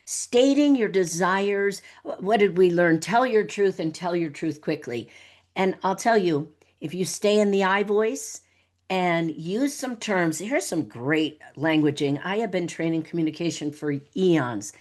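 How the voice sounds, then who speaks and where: A middle-aged woman guesting on a podcast, talking in an animated way, laughing often and acting out little dialogues. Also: medium pitch, measured pace. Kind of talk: conversational podcast interview.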